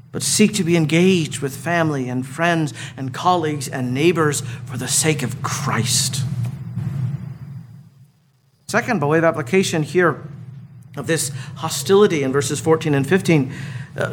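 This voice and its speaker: A man's voice: high voice, a bit bright, a little hiss or hum. A man preaching a sermon as a pastor, earnest, with storytelling asides.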